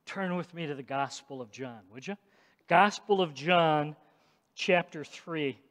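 A male pastor preaching an emphatic sermon in a church, swinging between loud declarations and hushed asides. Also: a little high, a little slow. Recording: long hall reverb.

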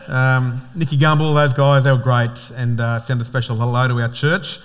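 A man's voice: medium pitch, flat delivery, a little slow, long pauses, slight background noise. A man with an Australian accent, a pastor giving a casual, joking sermon full of fillers and restarts.

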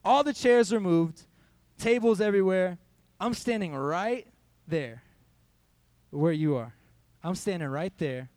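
A man's voice: high voice, measured pace, pauses often, a little mellow. A young man, a youth pastor, giving a conversational sermon in a church hall, telling a personal story and quoting his own thoughts.

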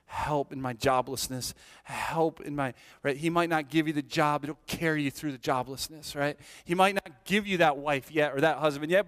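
A middle-aged man preaching a sermon, swinging between hushed whispers and loud, high exclamations, with many repeats and restarts. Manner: repeats and restarts words often. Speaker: pastor.

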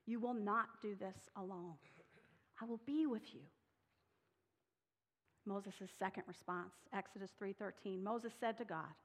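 A woman's voice: medium pitch, expressive, a little slow, long pauses, fairly bright tone. A woman preaching a sermon, reading scripture dramatically and voicing the people she quotes with rising intensity. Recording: long hall reverb.

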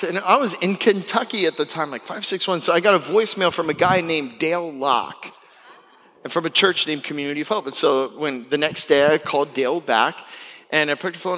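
A young man from Florida preaching a sermon as pastor, animated and acting out the people he quotes. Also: normal speed, long reverb tail. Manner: animated, acts out quotes with big pitch jumps. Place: church sanctuary.

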